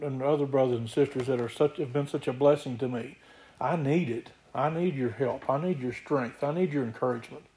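A man's voice: medium pitch, warm tone, low-quality recording. A man preaching a sermon, reading scripture aloud and then explaining it in an earnest, plain way.

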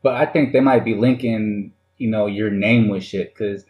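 A man co-hosting a podcast from a studio, ranting playfully in slangy banter and stammering through quick restarts. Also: lowish voice, steady tone, lo-fi sound. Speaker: podcast co-host.

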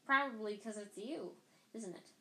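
A woman's voice: mid-range voice, moderate pace, sharp tone, reverberant, poor audio. A woman voicing a cheeky, joking schoolboy who teases his friends, in a storybook reading. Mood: teasing. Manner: breezy, teasing.

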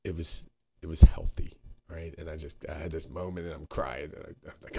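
A man co-hosting a podcast, talking earnestly and haltingly, searching for words and swearing now and then. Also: very deep voice, steady tone, a little mellow, a little hiss or hum. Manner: frequent swearing. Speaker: podcast co-host. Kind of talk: candid reflective conversation.

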